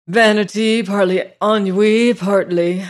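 A reader voicing a calm gentleman who speaks in a detached, thoughtful way. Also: mid-range voice, slow pace, voice pushed up, close to an everyday voice.

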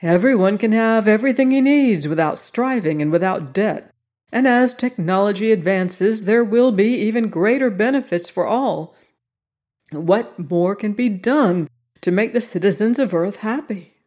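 A narrator voicing an old male sociologist, benign and softly insistent, in an audiobook reading. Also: medium pitch, expressive, normal speed, voice pushed up, close to an everyday voice. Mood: calm. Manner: soft and insistent.

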